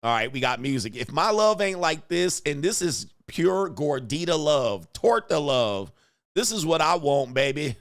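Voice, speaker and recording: A man's voice: fairly high pitch, very animated, unhurried, clear, resonant tone, soft background music. A man hosting a reaction show, mocking the clips in crude slang and laughing between remarks. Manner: crude, loose street slang. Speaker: host. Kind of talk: reaction commentary.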